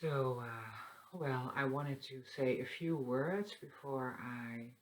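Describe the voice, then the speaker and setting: A woman hosting a spiritual talk that moves into a guided meditation, speaking softly and meandering, with light laughs. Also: very deep voice, rough recording. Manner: soft, slow and meandering, with frequent fillers and light laughs. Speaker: spiritual channel host. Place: seated indoors.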